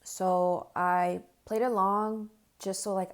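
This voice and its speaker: A young woman speaking to her viewers in an earnest, shaken storytime. Her voice sits in an ordinary middle range, and her talk is loose and full of "like" fillers. When she quotes herself, she drops to a hushed, quieter tone. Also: mid-range voice, fairly even intonation, a little slow. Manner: earnest, distressed retelling with frequent "like" fillers. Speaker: vlogger. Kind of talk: personal storytime monologue to camera.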